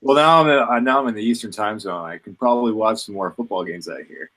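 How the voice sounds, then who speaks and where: A man's voice: on the low side, quick pace, a bit bright. A man hosting a casual chat show, talking hesitantly and laughing often. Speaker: show host.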